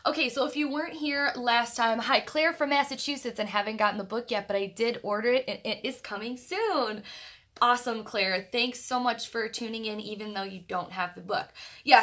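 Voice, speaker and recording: A woman's voice: on the high side, moderate pace, fairly bright tone. A young woman chatting on a casual livestream from her grandmother's house, greeting viewers by name with many fillers. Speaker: livestream host of an online book club.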